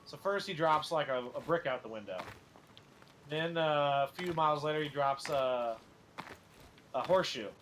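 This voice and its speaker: A man's voice: a little high, expressive, normal speed, pauses often, fairly bright tone. A young man hosts a gameplay stream in a slightly raised voice, chatting loosely and rambling through long jokes with plenty of "like" and "uh". A faint hiss sits under his voice. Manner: rambling joke-telling with many fillers. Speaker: gaming streamer host. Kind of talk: casual chat while playing.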